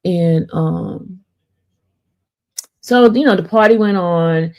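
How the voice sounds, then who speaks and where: A woman's voice: lowish voice, takes it slowly. Chatty woman telling a story. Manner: chatty, animated, often asks "right?" and addresses "y'all". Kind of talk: casual storytelling to viewers.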